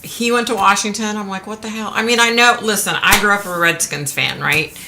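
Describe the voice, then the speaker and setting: A woman's voice: mid-range voice, a little fast, noisy background. A woman hosting a live stream from home, chatting frankly with viewers and swearing casually. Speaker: livestream host.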